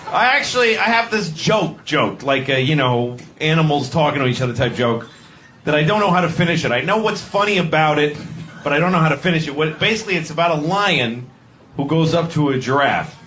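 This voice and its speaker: A man doing stand-up comedy, rambling and deadpan with halting restarts. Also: on the high side, a little hiss or hum.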